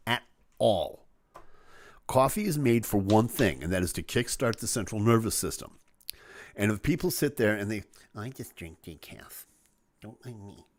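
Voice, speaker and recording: Man hosting a live stream: jokey, animated, with a dry, close sound. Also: on the low side, no echo. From Chicago. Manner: animated, jokey, acts out voices. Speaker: host of a live show. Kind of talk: casual live-stream chat.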